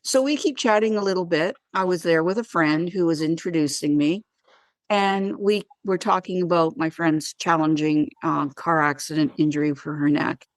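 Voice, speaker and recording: A woman's voice: deep voice, normal speed, no echo. A woman who works as a wellness practitioner, telling stories in an interview and acting out the dialogue in them. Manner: animated, acts out dialogue in her anecdotes. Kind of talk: conversational interview storytelling.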